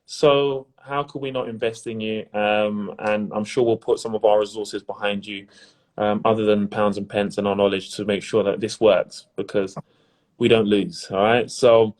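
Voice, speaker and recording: A man hosting a pitch competition final over a video call, chatty and upbeat, often repeating his words. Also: flat delivery, normal speed, a little mellow. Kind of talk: casual live-stream chat.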